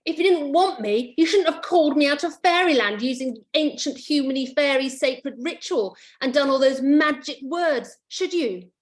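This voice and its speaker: A woman's voice: high voice, moderate pace, few pauses, voice pushed up, natural voice. A woman voicing a tiny, bossy, rude female fairy who threatens and commands, in a children's story read aloud. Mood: menacing. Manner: commanding, snappish.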